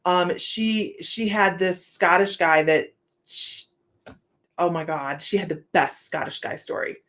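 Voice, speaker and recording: A woman's voice: on the low side, measured pace, fairly bright tone. A woman with a Southern American accent hosting a livestream, chatting casually, laughing often and reading viewer comments aloud. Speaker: psychic livestream host.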